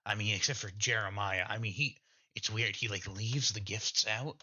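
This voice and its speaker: A man plays a boastful, delusional hermit in a tabletop game, rude and full of himself. The voice is bright and sharp, and the recording has a dull, lo-fi quality. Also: lowish voice, normal speed, a little hiss or hum. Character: arrogant delusional male hermit Vulture.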